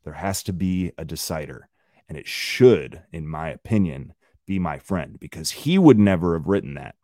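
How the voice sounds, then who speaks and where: A man hosts a solo podcast, ranting bluntly and with profanity while speaking conversationally and directly to his listeners. His voice is a warm, expressive low rumble at a moderate pace, recorded cleanly in a studio with no room sound.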